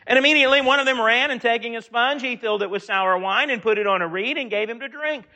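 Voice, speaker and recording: A man delivers a sermon, reading scripture aloud and earnestly slowing down while swelling his voice for emphasis. His voice is very high-pitched with a sharp tone.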